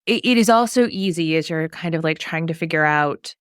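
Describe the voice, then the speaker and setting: A woman's voice: deep voice, a little fast, smooth, dry recording, clean studio sound. A woman co-hosting a podcast, speaking in a thoughtful, reflective way. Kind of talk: podcast discussion.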